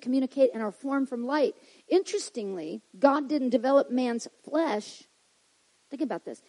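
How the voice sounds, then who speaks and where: A woman preaching with a high, mellow voice. She swings from soft, low asides to loud, emphatic declarations, reading scripture aloud. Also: rough recording. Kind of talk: sermon.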